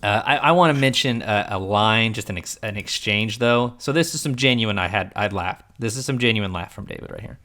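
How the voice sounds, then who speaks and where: A young man co-hosting a casual movie review podcast, animated and acting out lines from the film. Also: on the low side. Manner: animated, acts out film lines in quick impressions. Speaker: podcast co-host.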